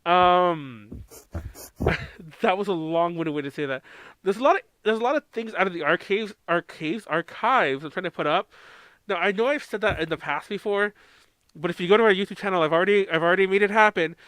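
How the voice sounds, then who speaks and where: A man's voice: high-pitched, a little fast, a bit bright, smooth, no room sound. An American man co-hosting a podcast in casual chat, rambling, laughing often and swearing freely. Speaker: podcast co-host.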